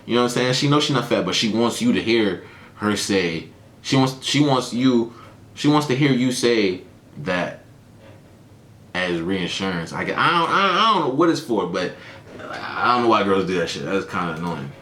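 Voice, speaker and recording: A man hosting a reaction video, speaking in a relaxed, slangy, casual way and swearing freely. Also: fairly low pitch, moderate pace, echoey room.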